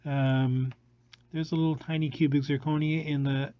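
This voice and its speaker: A man's voice: a little high, level tone, normal speed, dry recording, highs cut off. Rambling man hosting a product showcase. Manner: rambling, with many fillers and restarts. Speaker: jewelry showroom host. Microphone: phone.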